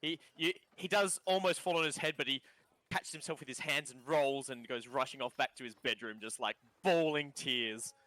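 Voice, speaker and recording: A man's voice: mid-range voice, moderate pace, sharp tone, no echo. A man with an Australian accent narrating a tabletop game as game master, loose and often laughing.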